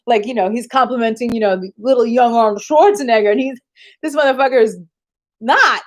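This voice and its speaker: A woman chatting on a live stream, telling animated, profane stories with frequent laughs. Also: on the high side, quick pace. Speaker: livestreamer. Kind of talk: casual live-stream chat and storytelling.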